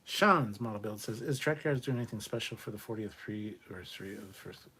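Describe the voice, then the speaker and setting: A man's voice: fairly low pitch, brisk, sharp tone, husky. A man hosting a casual livestream, reading viewer comments aloud and answering them in an offhand, profane way. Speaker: livestream host reading chat. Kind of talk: casual live chat.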